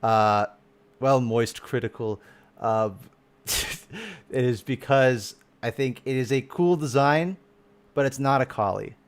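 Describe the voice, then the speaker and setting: A man streams live, casually reacting to game content in a slow, smooth, mid-range voice. Despite the pace he's excitable, swears freely, and often trails off before starting again.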